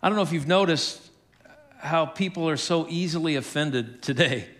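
Older pastor, candid sermon. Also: male voice, fairly high pitch, normal speed, a bit bright. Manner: candid, self-deprecating, chuckles often.

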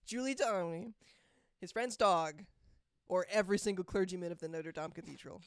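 A woman's voice: on the low side, normal speed, clear, resonant tone, no echo. A woman hosting a trivia segment on a podcast, reading questions in a wry, teasing way. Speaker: quiz host.

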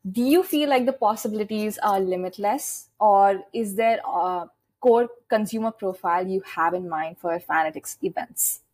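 A woman's voice: medium pitch, moderate pace, darkish tone. Woman interviewer asking long questions. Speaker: podcast interviewer.

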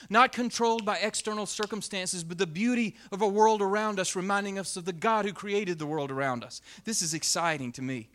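The speaker is a male Bible teacher whose high voice shifts from emphatic bursts to hushed, whisper-soft moments. He speeds up and slows down deliberately, keeping his delivery expressive.

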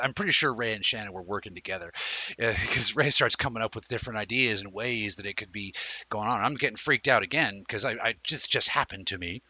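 A man hosting a live-streamed chat show, telling a rambling, animated story and talking with viewers. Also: mid-range voice, dry recording, poor audio. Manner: reads out and answers viewer comments. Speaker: livestream show host.

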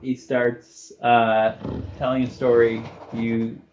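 A man narrating as game master of a tabletop game, animated and full of fillers. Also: mid-range voice, slow pace, background noise. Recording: dull lo-fi recording, faint music.

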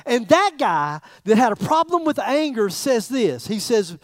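A middle-aged man preaching a sermon as pastor, in a chatty, joking way with pauses and repeated phrases. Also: very high voice, sing-song, no room sound.

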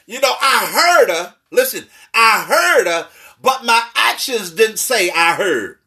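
Man, pastor, preaching, high bright voice, shouting call-and-response. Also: very animated, measured pace. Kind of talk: sermon.

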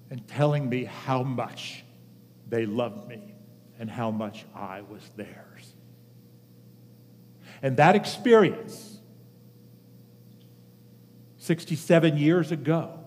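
A man in his seventies giving a sermon as pastor, telling a personal story earnestly with measured pauses. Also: medium pitch, darkish tone, slight background noise. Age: 70s. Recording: long reverb of a large hall.

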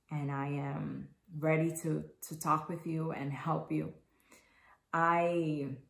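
A woman's voice: low-pitched, creaky. A woman in her thirties hosting a podcast, speaking candidly and earnestly about her own experience. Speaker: podcast host. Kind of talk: personal podcast monologue. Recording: echoey room.

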